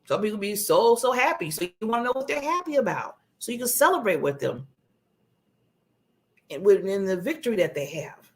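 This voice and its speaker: A woman speaks on a talk show with earnest conviction, driving her advice home by repeating key phrases. Her voice sits at an ordinary middle pitch, and she talks in a broadcast studio. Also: big pitch swings, a little fast. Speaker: guest speaker giving advice.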